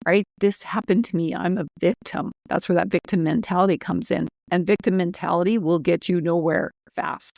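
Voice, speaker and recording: A woman's voice: fairly low pitch, gravelly, darkish tone, dry recording. Firm, direct woman podcast co-host. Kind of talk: casual spiritual podcast talk.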